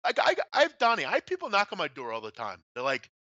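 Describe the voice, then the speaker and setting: Man, co-host, sharp forceful tone, dry lo-fi audio, profane ranting, casual talk show. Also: sits high, wildly swooping pitch, fast, no echo. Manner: blunt and profane, ranting storyteller. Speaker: podcast co-host. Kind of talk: casual sports betting talk show chat.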